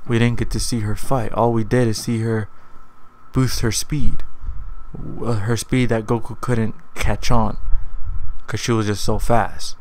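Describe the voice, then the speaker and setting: A man's voice: fairly low pitch, level tone, unhurried, darkish tone, slight background noise, poor audio. A man hosting his own video, talking casually and rambling, often correcting and repeating himself. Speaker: anime video host. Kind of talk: casual commentary vlog.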